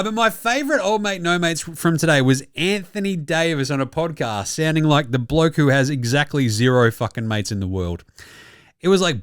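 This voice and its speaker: Hosting a basketball podcast, a man with an Australian accent launches into a sweary, mocking comic sports rant and laughs at his own jokes. His voice is fairly high and clean, with clean studio sound and no room sound.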